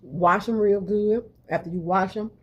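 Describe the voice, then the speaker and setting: A woman's voice: mid-range voice, fairly even intonation, normal speed, muffled recording. A middle-aged woman, hosting a casual home cooking video and chatting straight to her viewers in a homey way. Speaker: cooking channel host. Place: home kitchen.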